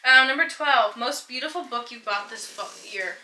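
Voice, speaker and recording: A woman's voice: a little high, moderate pace, sharp tone, roomy sound, rough recording. A young woman chatting casually on a book vlog, teasing her friend and prompting the questions. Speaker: book vlogger. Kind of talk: casual chat.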